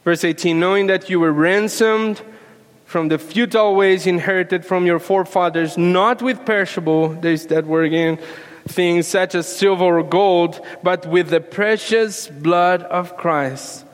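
Pastor from Peru, slightly high voice, slow deliberate sermon delivery, earnest with repeated phrases, long hall reverb. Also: male voice, steady tone. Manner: earnest, repeats phrases, rising to fervent emphasis. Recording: long reverb of a large room.

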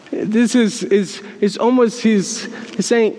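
A man preaching a sermon in an animated way, laughing as he acts out quotes and often repeating words. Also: high-pitched, slow, few pauses. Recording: long hall reverb.

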